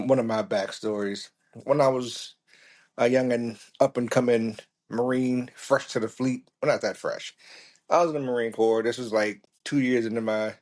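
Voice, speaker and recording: A man hosting a podcast, telling a story casually and swearing often, with frequent laughs. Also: mid-range voice. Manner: profane, laughing, lively. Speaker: podcast host.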